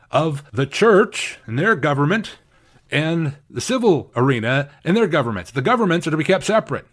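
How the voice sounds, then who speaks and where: Emphatic man preaching a sermon. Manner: emphatic, lively pitch swings; acts out quoted opponents in voices. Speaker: pastor.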